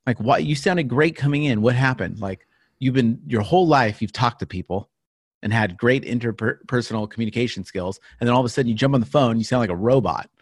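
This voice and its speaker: A man in mid-range pitch talks shop with a co-host in an easy, joking way. He laughs often and trips over his own sentences as he goes. The sound is dry and close. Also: a little fast, no room sound. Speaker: podcast co-host. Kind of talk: casual chat.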